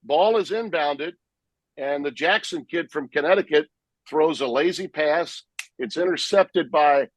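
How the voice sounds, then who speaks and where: A man in a podcast interview, spinning animated stories from the broadcast booth in a fairly high voice. The sound is dry and close, with no room around it. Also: measured pace, no echo, rough recording. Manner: animated, vivid storyteller who acts out his own play calls. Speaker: sportscaster guest.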